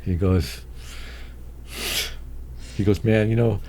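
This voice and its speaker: A man's voice: on the low side, takes it slowly, a little hiss or hum. An older man, telling street stories as a guest in a casual chat, acting out the voices of the people in them. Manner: animated, acts out voices in his anecdotes, chuckles often. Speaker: guest storyteller. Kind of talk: casual storytelling.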